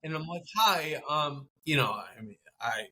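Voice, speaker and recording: A man, a podcast guest, telling a personal story in a halting, conversational way with many restarts and fillers. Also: mid-range voice, expressive, sharp tone, a little hiss or hum.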